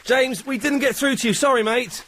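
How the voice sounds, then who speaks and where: A man hosting a live radio phone-in, lively, a little flustered and out of breath. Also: very high-pitched, normal speed, a little hiss or hum. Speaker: radio host.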